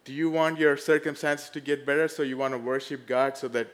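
A man preaching a sermon, animated, rising loud and dropping to hushed tones as he acts out the story. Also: mid-range voice, fairly quick.

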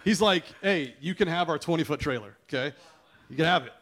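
A man's voice: on the high side, fairly quick, a bit bright. A man who is starting a new church, telling a congregation a testimony and acting out what others said to him. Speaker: church planter. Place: church service.

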